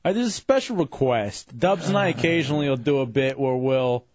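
A male radio host bantering and teasing his co-workers loudly. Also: medium pitch, expressive, fairly quick, no room sound. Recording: lo-fi radio studio with faint music.

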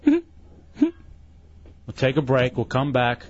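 A man's voice: medium pitch, huge pitch swings, slow, background noise. A man hosting a radio show, teasing and barking orders at his crew, on a dull lo-fi broadcast. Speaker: radio host.

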